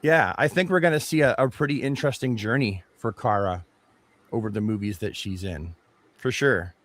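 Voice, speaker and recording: A man's voice: fairly low pitch, normal speed, fairly bright tone. A man co-hosting a podcast, chatting casually and rambling through his take on a movie trailer. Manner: rambling, many restarts and fillers. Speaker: podcast co-host. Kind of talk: casual chat reviewing a trailer.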